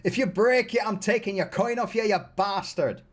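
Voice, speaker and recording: A man voicing a rowdy, foul-mouthed male tavern keeper, loud and mocking. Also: sits high, normal speed, pitched above the performer's own voice.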